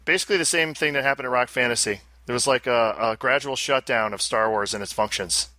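A man from the United States hosting a casual podcast, sarcastic and deadpan. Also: mid-range voice, quick pace, no room sound. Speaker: podcast host. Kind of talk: casual chat.

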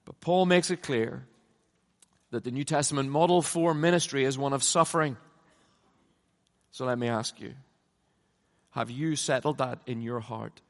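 A middle-aged man preaching a conference sermon, emphatic, swinging from loud passionate peaks down to low, quiet lines. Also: normal speed, pauses often. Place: large conference hall. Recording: long hall reverb.

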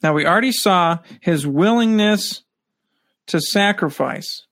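Male scripture teacher with a high voice, alternating reading and commentary, dry close sound. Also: expressive, unhurried, fairly bright tone, no room sound. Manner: reads verses aloud then comments. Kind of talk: scripture study lesson.

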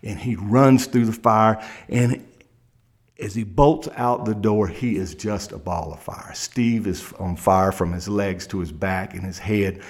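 A man's voice: on the low side, steady tone, a little slow. A man with a Kentucky accent, a criminal defense lawyer, telling a courtroom story in a dramatic present tense.

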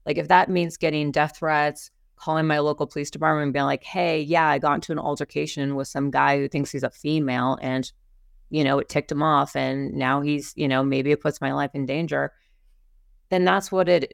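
Heated rambling woman with a gravelly edge. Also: extremely low pitch, no echo, clean studio sound. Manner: rambling, heated, many fillers and restarts. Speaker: podcast co-host. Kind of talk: casual opinion talk.

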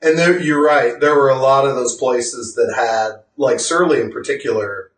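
A man's voice: medium pitch, normal speed, distant mic. A man co-hosting a podcast in casual chat, rambling, self-correcting, and laughing often. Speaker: podcast co-host. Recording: roomy sound from off-mic.

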